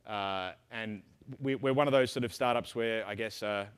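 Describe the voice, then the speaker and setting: A man's voice: fairly low pitch, smooth. A middle-aged man with an Australian accent giving a conference talk, rambling and full of ums and restarts. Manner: rapid, rambling, lots of ums and self-interruptions. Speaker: conference speaker. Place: conference hall stage.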